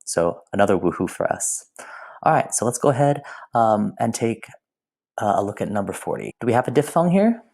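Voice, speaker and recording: A man's voice: fairly low pitch, sing-song, brisk, vocal fry, darkish tone. A man teaching a recorded language lesson in a playful way, with whispered asides. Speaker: Spanish teacher.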